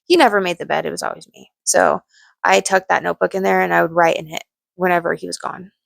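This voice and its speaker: Gravelly young woman telling her story. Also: lowish voice, quick pace, dry recording. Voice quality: gravelly vocal fry. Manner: candid, blunt, swears freely, restarts often. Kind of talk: personal storytime monologue.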